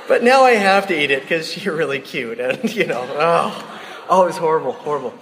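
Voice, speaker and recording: A man giving a sermon to a live audience, telling stories in a lively, chatty way, often laughing and speaking straight to his listeners. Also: fairly high pitch, fairly quick, long reverb tail, noisy background. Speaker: devotional speaker.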